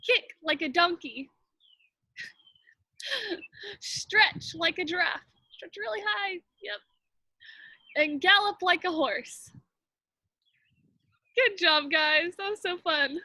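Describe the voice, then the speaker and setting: Young woman, kids' game leader; very high, bright tone, unhurried cheerful call-outs. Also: no echo. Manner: cheerful, calling out moves with little laughs. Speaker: children's ministry teacher. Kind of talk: leading a kids' movement game.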